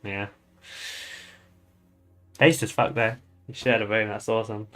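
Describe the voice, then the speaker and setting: A man's voice: lowish voice, fairly even intonation, unhurried, a bit bright, soft background music. A young British man chatting casually on a live stream, loose and swearing often with laughing asides. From United Kingdom.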